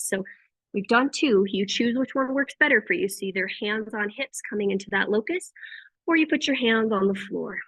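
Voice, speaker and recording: A woman teaching a yoga class, giving gentle and encouraging cues with frequent praise, on tinny phone-like audio. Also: mid-range voice, gravelly, dry recording. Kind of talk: guiding a live yoga class.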